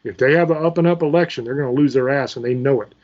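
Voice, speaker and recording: A man's voice: medium pitch, fast, darkish tone, lo-fi sound. A man from Virginia, hosting his channel in an angry, profane political rant. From Virginia, USA. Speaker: channel host. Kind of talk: ranting political commentary.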